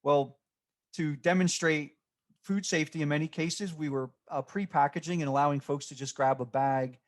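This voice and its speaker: A man giving a recorded slide presentation, speaking off the cuff and halting often with fillers and restarts. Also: on the high side, fairly even intonation. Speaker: extension presenter.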